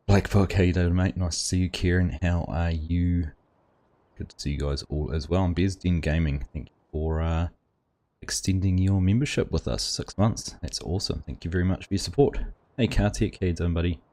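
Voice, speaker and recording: A low, mellow male voice with a steady tone and moderate pace belongs to a livestream host. While gaming, he chats casually and greets viewers by name.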